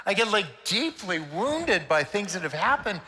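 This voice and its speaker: With a sing-song lilt, an older man's high voice carries a sharp tone and breathy edge as he speaks at a measured pace. He's a playful, joking storyteller inspiring church leaders from a conference stage, his words echoing in the large hall.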